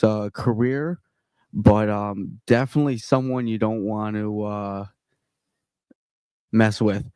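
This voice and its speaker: A man hosts a casual podcast in a lowish, easygoing voice. He pauses and hedges as he speaks. The sound is dry and close. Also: a little mellow, smooth, no echo. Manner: easygoing, hesitant with fillers. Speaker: podcast host.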